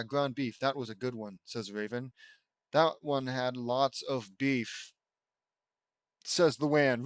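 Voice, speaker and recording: A man's voice: medium pitch, steady tone, smooth, no room sound. A man reading a fan fiction aloud as a comedy, breaking off for exasperated, sarcastic remarks. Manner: exasperated, sarcastic asides and quick mock voices. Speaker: reader mocking a fan fiction.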